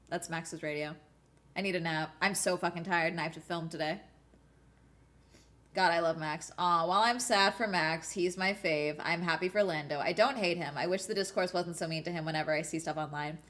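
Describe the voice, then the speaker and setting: A young woman streaming a race watch-along, reacting out loud in casual chat and laughing often. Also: on the low side, brisk. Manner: excitable, laughs often, talks to herself. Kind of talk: casual live reaction commentary.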